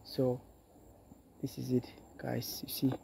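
A man's voice: medium pitch, completely flat delivery, slow, mellow, slight background noise. A man walking through a forest outdoors, filming a vlog and talking to his viewers, often calling them "guys" and repeating himself. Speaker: vlogger. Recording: clear music under the voice.

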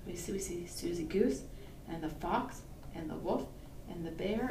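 Reading a picture book for a toddler storytime, a woman librarian uses a lowish, gravelly, warm voice at normal speed, sing-song and encouraging the kids to join in. A bit of hiss or hum comes through, and the distant mic captures a roomy sound with faint ambience.

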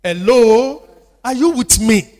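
A man's voice: very high voice, lively intonation, slow, a little mellow. Nigerian man, pastor, sermon, repeats lines, asks congregation, reverberant hall. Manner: call-and-response preaching with repetition. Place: church. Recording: church hall with long reverb.

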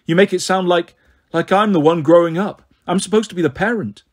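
A man reading aloud as a shaken middle-aged father who stumbles over his words, in a husky voice. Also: sits high, a little fast.

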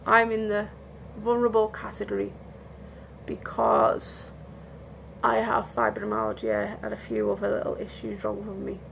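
A woman's voice: mid-range voice, unhurried, creaky, fairly bright tone, slight background noise. A tired woman chatting candidly in a casual home vlog, rambling and restarting her sentences, yawning now and then. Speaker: vlogger. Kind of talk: casual lockdown vlog chat.

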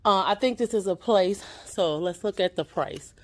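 A woman's voice: medium pitch, moderate pace. A woman hosting a casual shopping vlog, chatty and upbeat as she talks straight to her viewers while touring an indoor boutique on a handheld camera. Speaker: vlogger touring a store.

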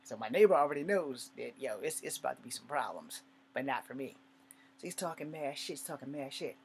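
A man's voice: lively intonation, a little fast, a little hiss or hum. Blunt, profane man telling a story. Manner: blunt, profane, swings from low mutters to loud shouting. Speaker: vlogger. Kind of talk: casual storytelling to camera.

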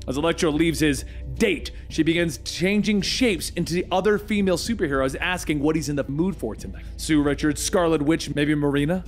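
A man narrating a comic book story in brisk recap style. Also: fairly high pitch, expressive, faint music behind.

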